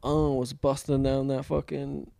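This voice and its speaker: A man's voice: medium pitch, little pitch movement, moderate pace, vocal fry, dark tone. A young man co-hosting a casual podcast, rambling and swearing, acting out quotes in goofy voices. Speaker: podcast co-host.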